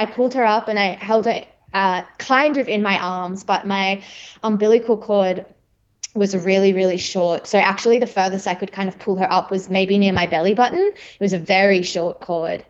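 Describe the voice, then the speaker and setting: A young woman talks through her birth story as an interview guest, chatty and open, with many fillers and easy laughs. Her pitch sits in an ordinary middle range. The recording sounds a little dull and lo-fi. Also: moderate pace. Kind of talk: casual conversational storytelling.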